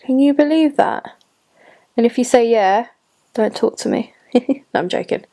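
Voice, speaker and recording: A woman's voice: fairly high pitch, unhurried, mellow. A woman in her late twenties chatting casually through a makeup tutorial, gushing and talking to herself as she goes. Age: late 20s. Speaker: beauty vlogger. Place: home room at a cluttered desk.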